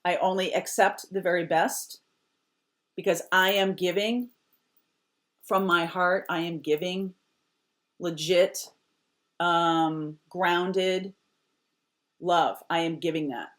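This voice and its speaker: A woman's voice: fairly low pitch, steady tone, slow, pauses often. A woman giving a casual tarot reading to camera, emphatic and repeating short firm phrases, sometimes dropping almost to a whisper. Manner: drops to a near whisper at times. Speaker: tarot reader.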